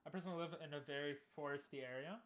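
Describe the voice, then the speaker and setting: A young man casually commenting on a game he is playing, chatting with viewers and bursting into loud cheers. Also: a little high, very fast. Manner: talks to chat, asks viewers questions. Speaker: streamer.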